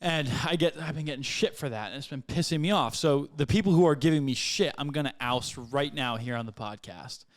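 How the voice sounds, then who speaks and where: A man's voice: a little high, brisk, few pauses. A young man co-hosting a casual podcast, talking loosely with lots of swearing and laughter. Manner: lively, laughs a lot, swears, loud cheering. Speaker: podcast co-host. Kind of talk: casual chat.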